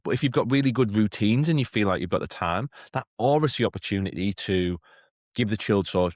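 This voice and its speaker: A man with a low, deep voice walks teachers through a classroom routine in a relaxed, chatty way, often checking in with "okay?". Now and then he lifts into a bright voice, as if talking to a class of children. The recording is dry and close, with no room sound. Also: brisk, dry recording. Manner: chatty, keeps asking "okay?". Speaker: teacher trainer. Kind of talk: teacher training talk.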